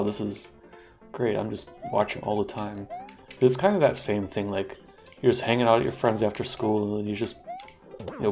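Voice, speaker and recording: A man in his thirties chatting casually while streaming a game, relaxed, laughing often and swearing freely. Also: on the low side.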